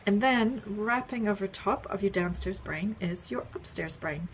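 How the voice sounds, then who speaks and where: A woman talks through an idea in a relaxed, friendly way, checking in with "right?" and filling pauses with "um". Her pitch sits in the middle for a woman. There is a faint hiss of noise under her voice. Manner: friendly, explains step by step with many ums and "right?". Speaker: parenting educator. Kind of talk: casual explainer video.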